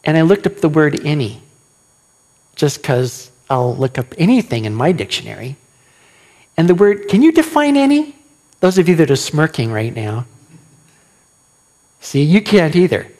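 A man preaching a sermon as pastor, animated and questioning his listeners, acting out quoted lines. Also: on the high side, normal speed, long pauses.

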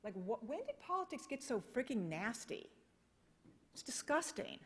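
Speaking in a conference hall whose long reverb fills the recording, an American woman gives a keynote passionately and emphatically, full of rhetorical questions. Her pitch is fairly high, her delivery very animated at a moderate pace, and her voice husky.

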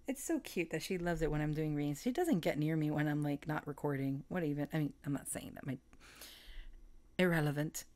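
A woman's voice: low voice, a little fast, dark tone. A woman giving a casual, chatty tarot reading, rambling, self-correcting and often breaking into laughter. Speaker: tarot reader.

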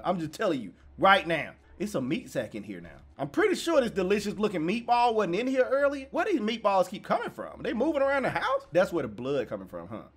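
Man, young adult, high voice, hugely animated pitch, slangy gaming commentary, yelps and mumbles. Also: husky. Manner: slangy, jokey, yelps when startled; drops to a low mumble when nervous. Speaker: gaming YouTuber. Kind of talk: casual let's-play commentary.

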